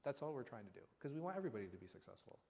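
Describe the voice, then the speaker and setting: A man, an imam, giving a conversational religious lesson, animated and full of rhetorical questions. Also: mid-range voice, racing, vocal fry. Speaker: imam teaching a class. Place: mosque hall. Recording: long reverb in a hall.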